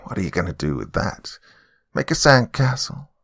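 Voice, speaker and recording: A man's voice: lowish voice, big pitch swings, normal speed, gravelly, a bit bright, slightly rough, voice pushed up, exaggerated voice. A man voicing a frail old woman turned demonic, spitting hatred and taunts in a horror story. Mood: mocking. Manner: hissing, venomous taunting.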